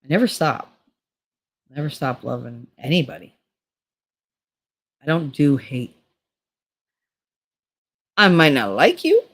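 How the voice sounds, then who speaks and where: A woman's voice: deep voice, sing-song, takes it slowly, pauses often, breathy edge. A middle-aged woman talking candidly in a casual, rambling monologue, laughing often and swearing freely. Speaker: vlogger.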